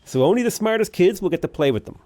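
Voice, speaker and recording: A man's voice: sits high, animated, fast talker, dark tone, no room sound, clean studio sound. A young man chatting casually while playing a strategy game, rambling into jokey asides. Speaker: gaming YouTuber. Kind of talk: casual gameplay commentary.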